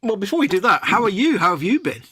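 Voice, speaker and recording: Bright, husky man teasing. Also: sits high, sing-song, fast. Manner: teasing, easygoing banter. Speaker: co-host. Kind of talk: casual chat.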